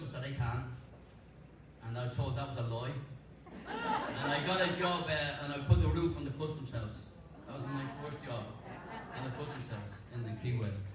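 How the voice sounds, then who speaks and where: A middle-aged man spins a personal tale for a live audience, loose and rambling, chuckling as he goes. His voice sits at an ordinary middle pitch and comes from some way off the mic. The room rings with heavy echo, and crowd murmur and hiss sit behind him. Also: fairly quick. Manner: chatty and rambling, laughing through his words. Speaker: storyteller. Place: live stage before an audience. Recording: echoey venue, distant mic, audience noise.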